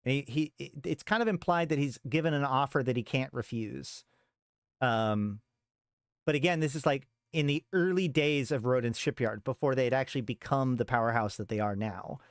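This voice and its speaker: A man's voice: mid-range voice, moderate pace, smooth, no echo, clean studio sound. A man streaming a casual talk on game lore and reading a story aloud, rambling with many restarts.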